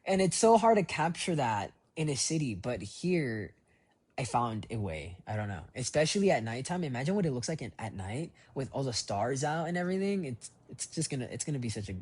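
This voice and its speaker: A man's voice: mid-range voice, sing-song, fairly quick, darkish tone, slightly rough. A young man recording a rambling, reflective voice memo diary on his phone, full of fillers and restarts. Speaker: voice diary keeper.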